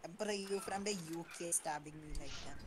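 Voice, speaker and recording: A man's voice: on the high side, brisk, background noise. A man on voice chat during a game, teasing his friends and firing off questions. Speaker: teammate on voice chat. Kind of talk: casual gaming voice chat.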